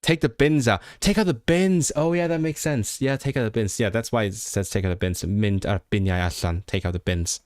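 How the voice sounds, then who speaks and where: A young man with a lowish voice chats casually on a livestream in English, which is not his first language. He pokes fun at himself and trips over his restarts. The sound is close and dry, with no room around it. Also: brisk, hardly any pauses, a little mellow, dry recording. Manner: chatty and self-mocking, with stammered restarts and frequent laughs.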